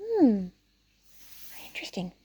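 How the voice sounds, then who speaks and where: A woman reading a picture book aloud to children in an animated way, often pausing to ask the listener questions. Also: on the high side, breathy edge. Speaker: storyteller.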